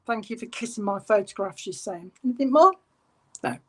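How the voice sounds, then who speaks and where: A woman's voice: mid-range voice, lively intonation, a little fast, fairly bright tone, breathy edge. A woman working as a medium at a church service, chatting as she relays messages, often adding asides and starting over. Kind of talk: clairvoyant reading at a church service.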